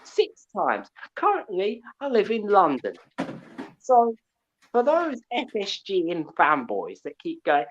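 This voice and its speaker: A man's voice: high voice, huge pitch swings, slow pace, lo-fi sound, slight background noise. A man in his twenties from Portugal, calling in to a live show with a combative rant and a habit of asking "yeah?" after his points. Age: 20s. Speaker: caller. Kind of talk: fired-up call-in rant.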